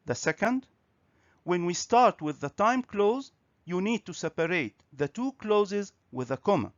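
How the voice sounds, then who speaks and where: A man teaching a grammar and pronunciation lesson on video, speaking slowly and clearly. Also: high-pitched, expressive, no room sound. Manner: slow, clear, instructive. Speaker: English teacher. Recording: dry, slightly dull recording.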